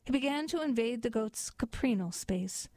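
A woman reading a fairy tale aloud in a deadpan, mock-formal storybook narration. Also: a little high, moderate pace, no room sound.

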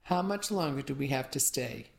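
A woman's voice: a bass voice, animated, moderate pace, vocal fry, a little mellow, exaggerated voice. A woman voicing a playful young boyfriend who teases. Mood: teasing. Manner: playful, teasing.

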